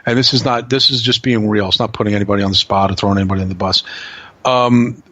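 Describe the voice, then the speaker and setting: A man's voice: on the low side, steady tone, fast talker, a bit bright, no room sound. Blunt, swearing man on a podcast. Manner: blunt, swearing, tells stories. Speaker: podcast guest. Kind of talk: casual podcast chat.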